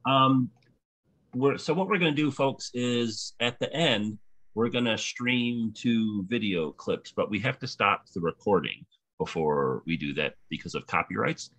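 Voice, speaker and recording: Bright-voiced man hosting a Zoom Q&A. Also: on the low side, a little slow. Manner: casual, hesitant with fillers. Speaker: webinar host. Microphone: computer mic on a video call.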